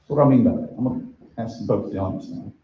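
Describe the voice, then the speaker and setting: A man who is a judge, giving a relaxed, conversational talk to a community audience and inviting questions. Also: lowish voice, very fast. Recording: echoey, dull room recording.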